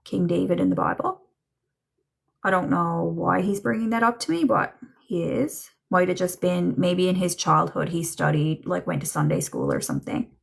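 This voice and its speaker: A woman doing a live psychic reading for chat viewers, slow and musing, with many ums and trailing thoughts. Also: lowish voice, sing-song, gravelly, slightly rough. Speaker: psychic medium.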